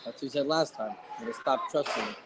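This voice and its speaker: Guy running a group call, mid voice, lively and jokey, background hiss. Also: medium pitch, brisk. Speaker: call moderator. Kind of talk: casual group-call hosting. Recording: noisy video call audio.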